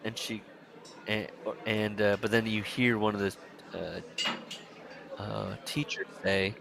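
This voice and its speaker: A man co-hosting a casual book podcast, retelling scenes in an animated way and laughing often. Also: lowish voice, takes it slowly, creaky, crowd noise. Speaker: podcast co-host.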